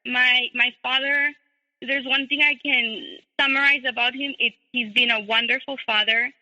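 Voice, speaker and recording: A woman guest telling her personal story in a measured way, with many pauses and restarts. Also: high-pitched, steady tone, bright, forceful tone, in a large hall, rough recording. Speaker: interview guest.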